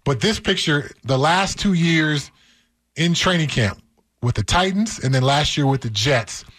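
Former football guy on sports radio, chill storyteller, slightly high voice, dry mic. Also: lively intonation, unhurried, fairly bright tone, no room sound. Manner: easygoing storytelling. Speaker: former football player, in-studio guest. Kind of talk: casual radio sports talk.

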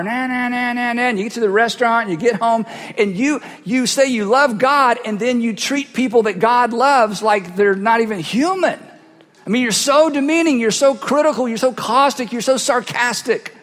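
A man's voice: extremely high pitch, a bit bright. A man preaching a sermon as pastor, speaking into a cheek microphone and emphatically repeating phrases for effect. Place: church sanctuary. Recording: long hall reverb.

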